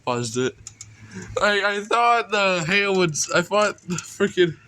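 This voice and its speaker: A young man vlogging from indoors at home, rambling and excitable, his voice congested. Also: high voice, takes it slowly, a little hiss or hum. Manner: rambling, excitable, self-correcting. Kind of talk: casual narration while filming a storm.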